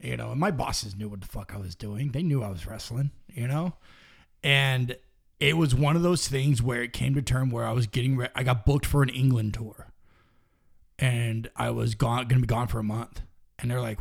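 A man's voice: mid-range voice, steady tone, moderate pace, vocal fry. A young man, a professional wrestler, telling stories in casual, profane talk that drops to near-whispers. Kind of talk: casual storytelling.

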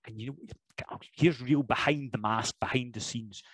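A man's voice: medium pitch, measured pace, husky, no room sound, poor audio. A Scottish man holds forth as a podcast guest with an easygoing, jokey energy. His voice sits in a plain middle register. The recording is close and dry with no room sound. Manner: animated, jokey storyteller who slips into impressions and laughs. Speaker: professional wrestler guest. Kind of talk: casual podcast interview chat.

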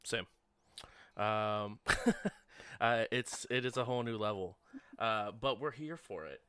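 A man's voice: lowish voice, slow, bright, forceful tone, clean tone, no echo. A man hosting a tabletop game session in a wry, chatty way, with many ums and uhs. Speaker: game master.

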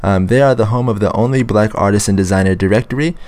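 A man hosting a casual interview podcast, relaxed and quick to laugh, with a slightly rough morning voice. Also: fairly low pitch. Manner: relaxed, laughs easily, many ums. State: shaking off morning voice. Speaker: podcast host.

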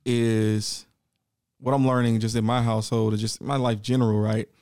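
A man's voice: fairly low pitch, flat delivery, darkish tone, smooth, no echo, studio quality. A young man co-hosting a podcast, thinking aloud in casual chat and often stopping to restart his sentences. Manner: reflective, halting, restarts often. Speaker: podcast co-host.

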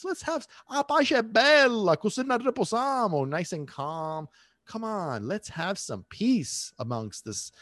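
A man hosting a podcast, talking in a rambling, animated way and slipping into phrases. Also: mid-range voice, no room sound, studio quality. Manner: animated, rambling, drops into Italian and Sicilian phrases. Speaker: podcast host. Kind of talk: casual podcast monologue.

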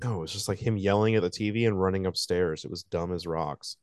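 A man co-hosts a casual wrestling podcast and walks through the week's matches in a relaxed, sarcastic way, with plenty of "like" and "um." His voice sits low and smooth. The sound is close and dry, with no room echo. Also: brisk. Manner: laid-back, sarcastic recapping with fillers. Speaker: podcast co-host.

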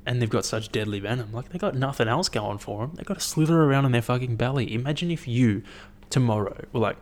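A young man talking to camera in a casual, rambling monologue, blunt and swearing a lot as he thinks out loud. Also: medium pitch, fast, few pauses. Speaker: vlogger.

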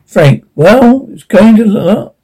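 A man's voice: high-pitched, animated, takes it slowly, dark tone, slightly rough, voice pushed up, exaggerated voice, low-quality recording. A man reading a hesitant, polite sidekick.

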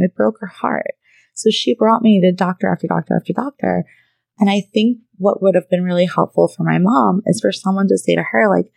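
A woman's voice: medium pitch, gravelly, darkish tone, no room sound, rough recording. A woman in her thirties, a therapist hosting her own podcast, talking conversationally with frequent "right?" and "you know" asides. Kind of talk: casual monologue.

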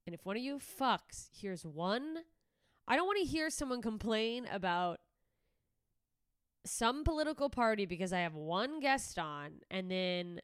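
A woman stand-up comedian hosts her own podcast, ranting casually with plenty of swearing and self-mocking tangents. Her voice sits in a middle register and comes across smooth and clear. The recording is dry and close, with no room sound. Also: mid-range voice, sing-song, measured pace, no room sound. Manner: profane, rambling, self-mocking. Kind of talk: casual solo podcast rant.

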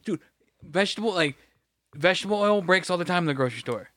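Man, slightly high voice, rambling profane storytelling, dry sound. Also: lively intonation, fast, fairly bright tone, no room sound. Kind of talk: casual chat.

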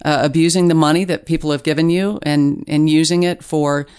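A middle-aged woman journalist, a guest in an interview, telling stories in a lively casual way with restarts. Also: low-pitched, a little fast, smooth. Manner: animated storytelling with restarts.

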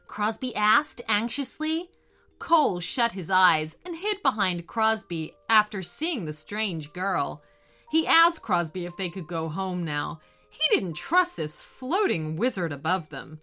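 A woman narrating a children's storybook in an expressive, unhurried way. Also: mid-range voice, faint music behind.

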